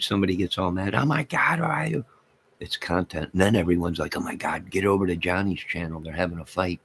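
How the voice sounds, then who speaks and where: A man with a low voice hosts a laid-back livestream, chatting aimlessly and cracking jokes with viewers. He talks in a toothless manner, and there's a slight hiss or hum on the audio.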